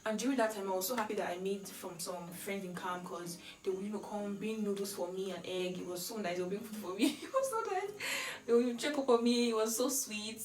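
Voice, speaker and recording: A young Nigerian woman talks through a casual vlog story in a chatty, animated way. Her middle-pitched voice sits a little back from the mic in an echoey room. Faint music plays underneath. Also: a little fast, few pauses, far from the mic. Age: young adult. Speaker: vlogger.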